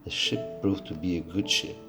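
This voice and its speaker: Deep-voiced man reading a novel aloud. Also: normal speed, music in the background. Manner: steady reading with occasional slips and restarts. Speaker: audiobook reader.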